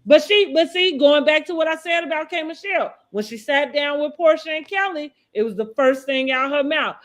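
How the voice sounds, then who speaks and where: A woman hosting a casual podcast chat, talking in loose restarts and quoting others in a lowered voice. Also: brisk, fairly bright tone. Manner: talks in loose restarts, quotes people in a dropped voice. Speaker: podcast host. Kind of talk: casual chat about reality TV.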